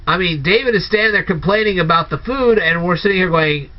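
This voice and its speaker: A man's voice: sits high, a little fast. A man giving a casual spoken movie review, firing off incredulous, sarcastic rhetorical questions. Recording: dull lo-fi recording.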